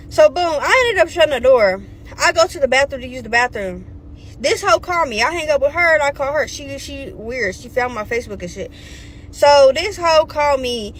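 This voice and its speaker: A young woman, telling a storytime in a blunt, profane, animated way and acting out the voices she quotes. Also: high-pitched, moderate pace. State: pregnant. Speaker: storytime vlogger. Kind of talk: casual storytime rant.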